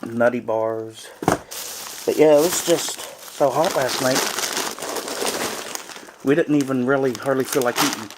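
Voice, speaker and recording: Man, casual vlog chat, rambling with fillers, middle pitch, small cabin, faint hiss. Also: a little slow, pauses often. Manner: rambling, chatty, many fillers. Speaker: vlogger on a cabin trip.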